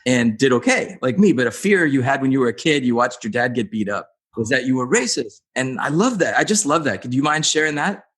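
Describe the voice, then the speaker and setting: Guy hosting a recovery podcast, earnest, kinda halting, thinking out loud. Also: mid-range voice, expressive, slightly rough. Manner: earnest, thinking aloud with restarts. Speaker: podcast host. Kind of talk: casual interview chat.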